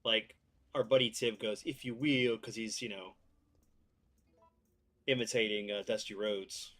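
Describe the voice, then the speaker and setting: A man's voice: fairly low pitch, fairly even intonation, unhurried, fairly bright tone. A man co-hosting a gaming podcast, making easygoing remarks while he plays. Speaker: podcast co-host playing the game. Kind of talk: casual chat over gameplay.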